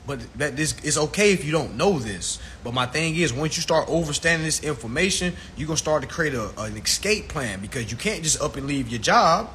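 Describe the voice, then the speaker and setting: Male livestream ranter, preachy and profane, bright tone, faint room hiss. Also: on the high side, lively intonation, brisk, hardly any pauses. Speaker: livestream host. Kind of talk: ranting casual livestream monologue. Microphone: phone livestream.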